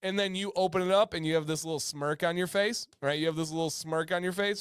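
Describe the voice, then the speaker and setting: A man's voice: sits high, steady tone, fast talker, few pauses, clear, resonant tone, no echo, studio quality. A man hosting a casual livestream, reading chat aloud and joking with viewers. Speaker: livestream host.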